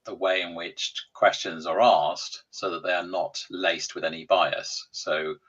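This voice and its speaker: Man, executive coach, deep husky voice, measured explaining, muffled lo-fi audio. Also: fairly even intonation, a bit bright. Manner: measured, explanatory, with frequent ums. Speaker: executive coach, podcast guest. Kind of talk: casual conversational interview.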